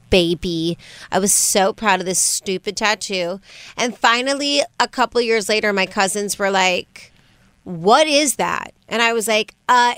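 A woman's voice: mid-range voice, smooth, dry recording. A woman co-hosting a morning radio show, telling stories expressively and chatting casually. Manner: expressive storyteller.

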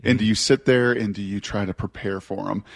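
Male radio host with rapid-fire questions. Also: fairly low pitch, steady tone, vocal fry. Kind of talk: casual radio interview.

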